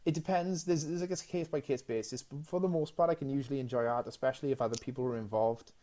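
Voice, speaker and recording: A man co-hosting a casual podcast chat, animated and excitable, stumbling over restarts as he retells movie scenes. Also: mid-range voice, quick pace. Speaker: podcast co-host.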